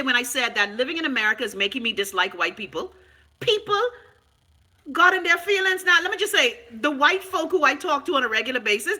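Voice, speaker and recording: A woman's voice: high-pitched, pushed and bright. A middle-aged Bahamian woman ranting on her vlog, sarcastic, profane and emphatic. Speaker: vlogger. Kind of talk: unscripted vlog rant.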